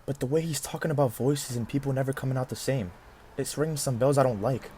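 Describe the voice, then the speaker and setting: A devoted young husband and narrator, voiced by a man, with a medium-pitched voice and an earnest, reflective delivery. Faint background noise sits under his voice in this audio drama. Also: quick pace, mellow, close to an everyday voice. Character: devoted young husband missing his far-away wife. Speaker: narrator and lead character.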